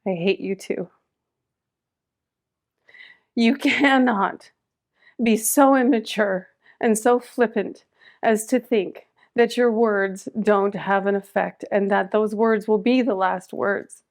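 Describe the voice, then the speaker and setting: A middle-aged woman, a podcast guest, telling a personal story with strong emotion, moving between loud urgency and hushed quiet. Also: a little high.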